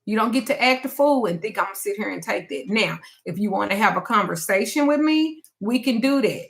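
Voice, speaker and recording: A woman quoting her husband as a calm, firm man who speaks in a slow, stern and measured way. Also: mid-range voice, gravelly.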